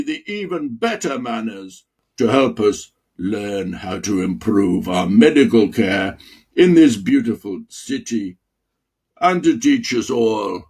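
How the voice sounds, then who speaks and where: Guy doing a sly old russian dean, russian accent, deep velvety voice, husky, slow and teasing, pitch swoops all over. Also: darkish tone, heavily acted. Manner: slow, teasing, theatrical storytelling. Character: older Russian medical dean, sly, ironic storyteller. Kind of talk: memoir reading aloud.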